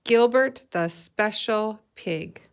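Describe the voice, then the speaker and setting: A woman teacher leading a guided reading lesson, reading aloud slowly and clearly and putting feeling into the dialogue. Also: mid-range voice. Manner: slow, clear read-aloud with expressive dialogue.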